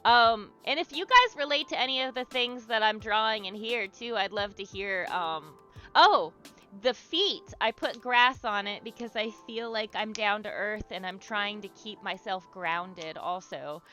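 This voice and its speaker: A young woman hosts a livestream art therapy exercise, chatting casually while she draws. Her bright, clear voice sits at medium pitch and moves at an unhurried pace, with faint music underneath. She rambles loosely, full of fillers and restarts, swears casually, and stays warm and encouraging as she cheers her viewers on.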